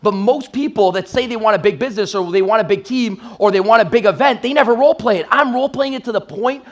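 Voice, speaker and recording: Guy with a pretty high voice hyping up a crowd on sales, blunt, swears a lot. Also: fast talker. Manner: energetic, blunt storytelling with profanity. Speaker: sales trainer. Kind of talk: motivational stage talk.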